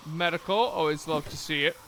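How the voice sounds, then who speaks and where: A man's voice: fairly high pitch, a little fast, fairly bright tone, slight background noise. A man giving casual gameplay commentary, chatty and swearing, talking to the game and the zombies as he loots. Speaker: gameplay streamer.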